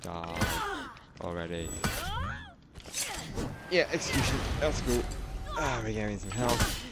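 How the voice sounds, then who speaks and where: A man's voice: mid-range voice, very animated, measured pace, very noisy. Frustrated swearing young man gaming. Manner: swears a lot, exasperated outbursts. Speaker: gaming channel host. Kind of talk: frustrated gameplay commentary.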